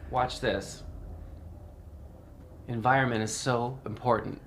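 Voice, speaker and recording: A man's voice: mid-range voice, steady tone, takes it slowly, vocal fry, a little hiss or hum. A man talking casually and rambling at home, repeating himself and laughing often. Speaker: podcast host. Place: indoors in a house.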